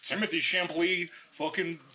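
A man's voice: on the high side, little pitch movement, moderate pace, sharp tone. A man hosting a casual podcast chat, joking around and swearing freely. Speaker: podcast host.

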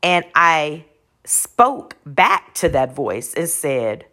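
A woman's voice: low voice, sing-song, extremely slow, bright, forceful tone. A woman from Texas telling a personal faith testimony in an earnest storytelling way, retracing details aloud as she goes. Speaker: speaker sharing a testimony.

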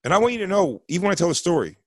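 A man's voice: high voice, very animated, very fast, no echo. A man in his forties telling a long comedic story on a podcast, rambling with fillers and restarts. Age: 40s. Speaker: podcast co-host.

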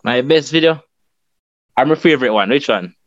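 A Jamaican man guesting on a podcast, talking in quick, relaxed patois. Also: medium pitch, dry recording. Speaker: guest skit creator. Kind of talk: casual interview chat. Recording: dull, dry sound.

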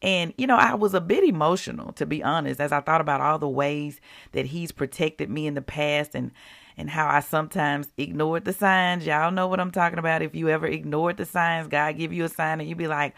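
A woman hosting a devotional podcast, talking conversationally to her listeners and reading scripture slowly and deliberately. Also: low-pitched, creaky, fairly bright tone.

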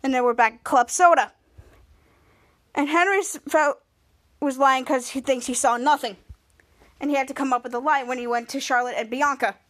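A woman's voice: high-pitched, normal speed, pauses often, fairly bright tone. A woman hosting a podcast, retelling a TV episode in a rambling, run-on way with many restarts. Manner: quotes characters in a raised voice. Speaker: podcast host. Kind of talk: casual episode recap.

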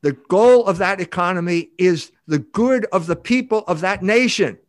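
Emphatic older man, fairly high voice. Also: animated, moderate pace, no room sound, clean studio sound. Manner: emphatic, rambling with restarts. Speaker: guest author. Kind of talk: podcast interview.

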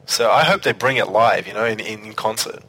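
A man's voice: lowish voice, moderate pace, sharp tone, breathy edge, rough recording. A man hosting a casual music review chat, enthusiastic and full of restarts. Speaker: podcast host.

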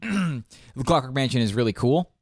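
A man's voice: mid-range voice, expressive, moderate pace, dry recording, clean studio sound. A young man co-hosting a podcast, chatting casually and rambling with lots of ums and restarts. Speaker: podcast co-host. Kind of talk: casual chat about video games.

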